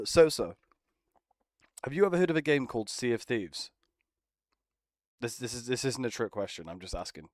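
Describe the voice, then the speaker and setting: A man's voice: medium pitch, big pitch swings, normal speed, long pauses, a little mellow, no echo, studio quality. Laughing, swearing young man. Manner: swears often, teasing, laughs a lot. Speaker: streamer. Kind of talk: casual banter with friends.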